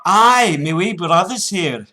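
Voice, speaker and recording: A man voicing a stubborn, dim Scottish caller with a thick Scottish accent, drawing his words out loudly and repeating himself. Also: sits high, animated, slight background noise, pitched above the performer's own voice, heavily acted. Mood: stubborn playful. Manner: drawn-out, repetitive and loud. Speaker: prank caller.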